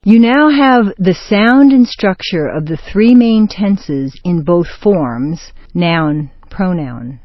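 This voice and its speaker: A woman narrating an accent and grammar lesson in a slow, deliberate scripted delivery, stressing words in example sentences. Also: on the low side, lively intonation, no echo. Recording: dull, dry studio voice-over.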